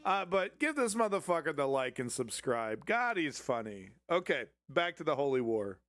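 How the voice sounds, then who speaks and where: A man co-hosting a news show, reacting excitably and profanely, often repeating and stumbling over words. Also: fairly high pitch, moderate pace. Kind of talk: casual reactive commentary.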